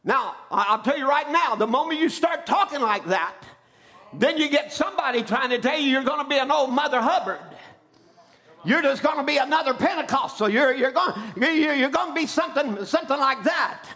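High-voiced man preaching a shouting sermon. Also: expressive, a little fast. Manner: rising into shouted emphasis, calling for amens.

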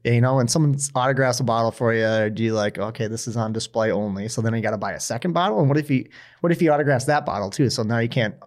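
A man's voice: mid-range voice, fast talker, hardly any pauses. A man hosting a podcast, telling stories in casual chat and acting out the voices of the people in them. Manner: animated storyteller, acts out quotes. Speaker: podcast host.

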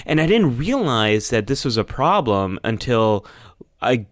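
A man's voice: medium pitch, sing-song, unhurried, no room sound, studio quality. A man from the United States hosting a casual podcast discussion, talking candidly and reflectively and laughing wryly at himself. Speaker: podcast host.

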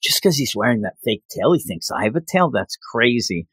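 A man's voice: mid-range voice, very animated, fairly quick, fairly bright tone, slightly rough, voice pushed down. A man voicing a sassy, bossy teenage girl who sounds exasperated and snippy.

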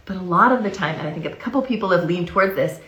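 A woman co-hosting a casual parenting podcast, acting out what parents and kids might say in quick asides. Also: on the low side, lively intonation, fairly bright tone, echoey room. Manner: acts out parent and child quotes in quick asides.

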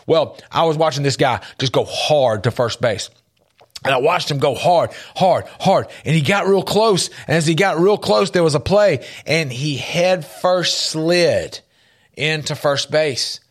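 A man co-hosting a faith-based talk show, telling stories with lively jumps in pitch. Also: measured pace. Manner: animated storytelling, jumps up in pitch for quoted voices. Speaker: podcast co-host.

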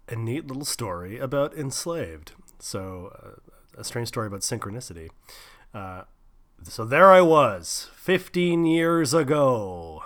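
A man's voice: mid-range voice, big pitch swings, unhurried, a bit bright. A man hosting a radio show, telling a story in a rambling, laid-back way. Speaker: radio host. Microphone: studio radio mic.

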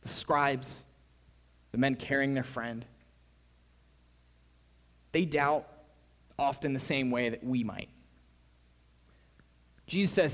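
A young man delivers a sermon in a large hall with a long, ringing reverb. His voice sits in an ordinary middle range. He tells stories vividly, swinging from excited, loud moments to soft, hushed ones. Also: medium pitch, slow pace, long pauses. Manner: storytelling, shifts between loud excitement and hushed quiet. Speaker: preacher.

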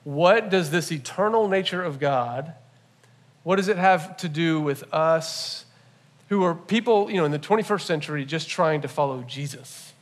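A man preaching a sermon in a relaxed, conversational way, raising his voice to stress his points. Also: normal speed. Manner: rises in pitch and volume to stress points. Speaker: pastor. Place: church.

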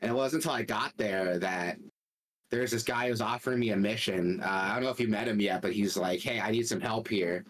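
Excited young man rambling about games. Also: lowish voice, fairly quick, poor audio. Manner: excited, rambling, swears often. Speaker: podcast co-host. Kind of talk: casual gaming chat.

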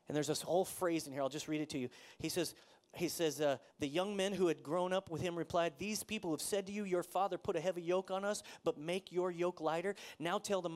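A pastor preaching a sermon in a conversational way, asking the congregation questions and acting out the people in the story. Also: male voice, high voice. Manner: conversational preaching, asks the audience questions, acts out quotes.

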